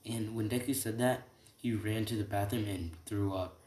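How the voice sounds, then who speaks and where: Low-voiced man rambling through a story. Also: fairly even intonation, moderate pace, a little mellow. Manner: rambling, with restarts and tag questions. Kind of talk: improvised fan-story narration. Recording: echoey room, faint typing.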